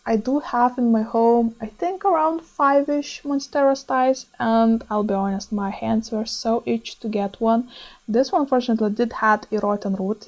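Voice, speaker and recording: A young woman with a Lithuanian accent, speaking English as a second language, narrates her plant finds in a chatty, gushing way. Her voice sits a little high but sounds mellow and soft. She stumbles over her grammar now and then and swings from dreamy to excitable. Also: rough recording. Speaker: plant vlogger. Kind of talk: voice-over commentary on plant shopping footage.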